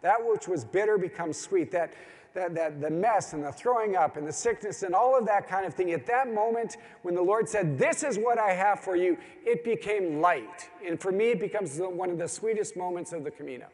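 Delivering a sermon to a men's gathering, this middle-aged man speaks in a brisk, slightly mellow voice that sits high. His storytelling is earnest, building into rising, pleading emphasis, with long hall reverb around him.

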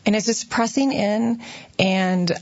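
A woman's voice: medium pitch, takes it slowly, a little mellow, dry recording, highs cut off. A woman sharing heartfelt thoughts about faith and family as a guest. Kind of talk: casual faith talk.

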